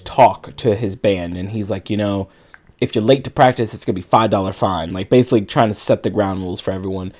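A man's voice: on the low side, darkish tone. A man co-hosting a podcast, casually retelling a film's plot in a rambling way with lots of filler words. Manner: rambling retelling with many likes and you-knows. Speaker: podcast co-host. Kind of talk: casual movie recap.

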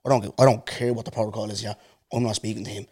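A man hosting a podcast, telling stories in casual chat with animated asides. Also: lowish voice, racing, slightly rough. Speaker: podcast host.

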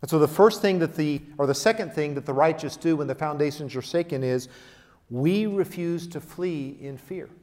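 A man's voice: a little high, normal speed. Emphatic preacher man in a reverberant hall. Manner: emphatic preaching, swings between loud declarations and quiet asides. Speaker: pastor. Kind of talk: sermon.

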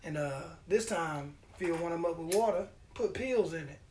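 A high-voiced man hosts a casual podcast. He tells his story in an animated, profane way and acts out the lines of the people in it. A faint hiss sits under his voice. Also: normal speed. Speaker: podcast host.

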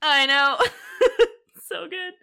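A woman co-hosting a podcast, recapping a TV episode in casual chat with quick, animated, giggly retelling. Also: extremely high pitch, gravelly. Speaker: podcast co-host.

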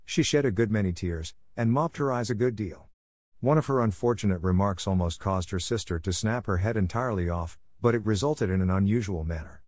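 A man narrating a classic story aloud in a steady, measured reading voice, recorded close. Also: fairly low pitch, dry recording. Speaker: audiobook reader.

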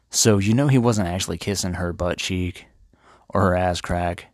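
A man's voice: lowish voice, steady tone, normal speed, dry recording, studio quality. A man hosting an irreverent, profanity-heavy comedic retelling of a classic tale. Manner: profane, irreverent, laid-back. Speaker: host.

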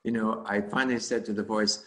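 A man's voice: on the low side, steady tone, brisk, sharp tone. A man teaching meditation in a dharma talk, speaking in a rambling, conversational way with frequent chuckles.

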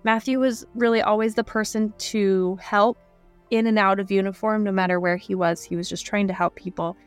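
A woman co-hosting a true crime podcast, reading case details in a sombre, even way. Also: medium pitch, moderate pace, smooth, faint music behind. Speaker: podcast co-host.

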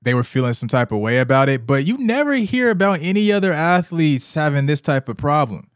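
A young man in his twenties co-hosts a casual chat podcast. His delivery is laid-back, and his pitch swings lively up and down. The sound is close and dry. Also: a little fast, clear, resonant tone, no room sound. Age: 20s. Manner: laid-back, chuckling banter. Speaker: podcast co-host.

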